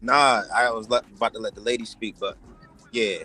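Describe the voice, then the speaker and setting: A man's voice: fairly low pitch, fairly even intonation, normal speed, sharp tone, slightly rough, soft background music. A man dismissing an argument as nonsense in a heated casual panel debate. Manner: dismissive, incredulous.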